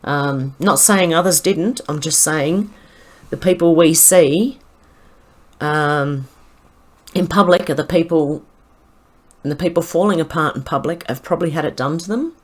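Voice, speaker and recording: A woman's voice: low voice, unhurried, long pauses. A woman with an Australian accent, commenting on news posts in a casual, scornful way, with frequent ums and restarts. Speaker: commentary vlogger.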